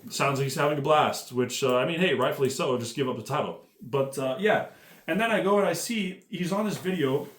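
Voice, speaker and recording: A man's voice: fairly high pitch, a little fast, echoey room. A man giving a casual, profane commentary rant, rambling and full of fillers. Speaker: MMA commentary YouTuber.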